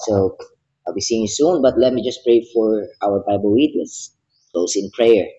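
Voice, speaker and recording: A man's voice: on the low side, moderate pace, dark tone, muffled recording. A man reading the Bible aloud, commenting on it with emotion and passion, then praying. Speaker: Bible reader. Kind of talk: devotional Bible reading and prayer.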